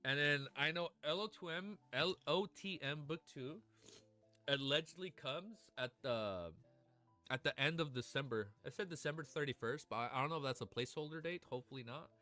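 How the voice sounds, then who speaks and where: A man streaming casually, chatting excitedly with his audience, swearing and gushing, at times near tears. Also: fairly high pitch, fairly quick, faint music behind. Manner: excitable, swears often, gushes and laughs. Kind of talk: casual livestream chat.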